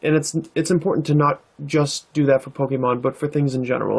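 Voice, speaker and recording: A man hosting his own card-opening vlog, talking in a relaxed, thoughtful way with plenty of "uh"s and "um"s. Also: medium pitch, fast talker, gravelly, few pauses, slightly rough. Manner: relaxed, thoughtful, with many fillers. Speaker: card-opening channel host. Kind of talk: casual vlog narration.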